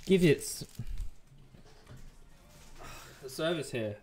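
A man's voice: fairly high pitch, a little slow, a little mellow. A man chatting casually on a live stream, joking and rambling while he eats at his desk mic. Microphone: desk microphone.

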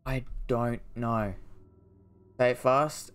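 A gaming streamer speaks in a mid-range, fairly bright voice at a moderate pace, pausing often, with slight background noise. He casually narrates his play, rambling and self-deprecating, with the odd yelp at what he sees on screen.

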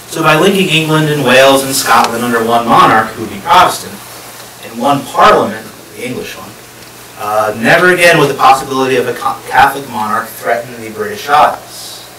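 A man's voice: medium pitch, a little fast, sharp tone. A man giving a public history lecture to a live audience, explaining step by step and putting questions to the listeners. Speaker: guest lecturer. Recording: echoey room, distant mic, faint hiss.

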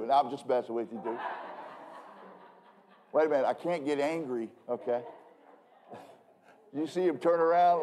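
A man's voice: a little high, unhurried, pauses often, dark tone. A man who is a pastor, preaching a casual evening sermon in a joking, rambling way, with emphatic bursts and frequent restarts. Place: church.

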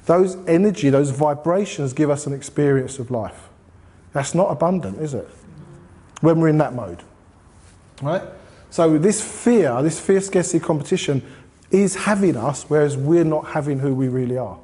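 A man's voice: a little high, lively intonation, normal speed, dark tone. A man speaking at a group meeting, giving a conversational motivational talk and asking the audience questions. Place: meeting room.

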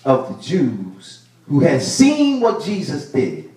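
A male pastor preaching a sermon, building to loud bursts and repeating his phrases. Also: on the high side, huge pitch swings, slow. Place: church sanctuary. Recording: echoey church room, mic at a distance.

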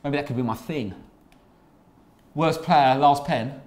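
A man's voice: mid-range voice, a little slow, darkish tone. A man, a comedian hosting his own channel, chatting and teasing his guest while playing a video game and laughing often. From South East London.

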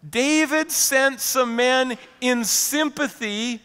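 Bright-voiced male pastor preaching. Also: very high voice, takes it slowly, clean tone, in a large hall. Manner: animated, conversational preaching with laughs and acted-out quotes. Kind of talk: sermon. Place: church sanctuary.

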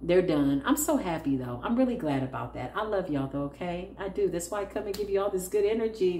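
Animated and a little fast with few pauses, a woman with a lowish voice reads tarot casually for her viewers. She's sassy and blunt, laughs while talking, and calls people "child," in an echoey room carrying faint noise.

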